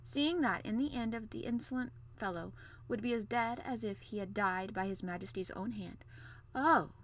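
A woman's voice: medium pitch, normal speed. A woman hosting a podcast, reading a classic novel chapter aloud. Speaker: podcast host and reader.

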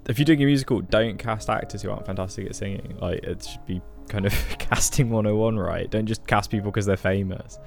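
A man chats about films in a relaxed, easygoing way. His voice is deep and gravelly, with faint music in the background. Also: brisk, few pauses. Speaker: podcast co-host. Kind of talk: casual film review chat.

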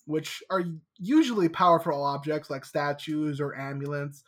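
A young adult co-host casually retelling a book's plot in an animated way, slipping into quick acted quotes of the characters. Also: mid-range voice. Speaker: podcast co-host. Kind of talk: casual book discussion chat.

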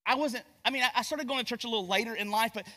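In a church sanctuary with a long reverb tail, a Southern-accented preacher from Gastonia, North Carolina, races through a joking, conversational sermon, frequently starting sentences over. His voice is extremely high-pitched, bright, and forceful.

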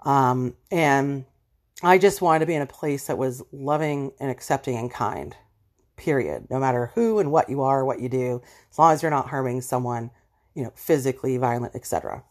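A woman's voice: extremely low pitch, normal speed, a little mellow. A woman hosting a personal monologue episode, speaking bluntly and passionately and appealing directly to listeners. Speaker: podcast host.

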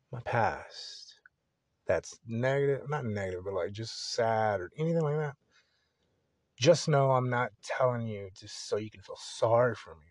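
A young man talking on his own podcast in a loose, rambling way, full of swearing and restarts. His voice sits in a middle register. The sound is dry and close, with no room echo. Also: medium pitch. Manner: rambling, profane, candid. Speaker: podcast host. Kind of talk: casual solo podcast monologue.

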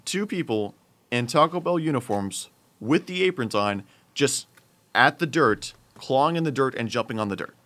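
Young man, bright edgy tone, animated storyteller in casual chat. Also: mid-range voice, moderate pace. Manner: animated, builds up to loud exclamations.

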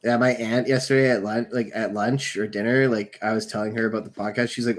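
A man's voice: on the low side, steady tone, quick pace, few pauses. A young man and student co-hosting a podcast, talking casually and filling every sentence with "like". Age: young adult. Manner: filler-heavy, says "like" constantly. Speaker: podcast co-host.

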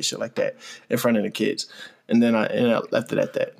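A man's voice: mid-range voice, quick pace, gravelly. A man in his thirties telling a story animatedly in casual chat, cursing freely as he recounts it.

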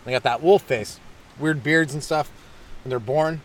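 A male comedian tells rambling, self-deprecating stories in a loose stand-up style. His voice sits a little high for a man and keeps jumping around with hyperactive energy. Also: moderate pace, a little hiss or hum. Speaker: stand-up comedian and podcast host. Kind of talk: stand-up style comic monologue.

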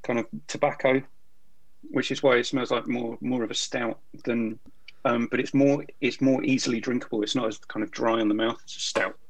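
Dude with a dry wry way of talking, even and measured, middle pitch, casual beer chat. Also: male voice, no room sound, poor audio. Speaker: podcast co-host.

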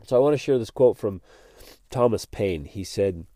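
A man talks straight into a close podcast mic in an earnest, animated way, often repeating himself as he gets fired up. His voice is mellow and relaxed in tone, and the recording sounds dry. He sounds like a host speaking directly to his listeners. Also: lowish voice, moderate pace, no echo. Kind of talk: motivational podcast monologue.

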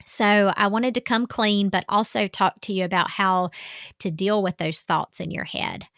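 A Southern woman in her forties speaks as a life coach in a loose, confessional way, owning up to her own doubts. Her voice has a gravelly fry, she is easy about the ums and restarts, and the sound is dry and close with no room around it. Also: medium pitch, steady tone, moderate pace, fairly bright tone, dry recording. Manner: candid, chatty, self-deprecating, with many fillers. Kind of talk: casual talk to camera.

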